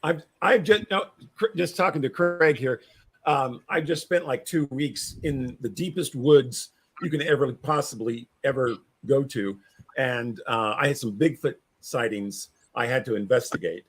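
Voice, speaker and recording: As a podcast guest, a paranormal investigator talks in a casual, rambling and preachy manner, repeating himself. He has a medium-pitched voice with a breathy edge and takes his time.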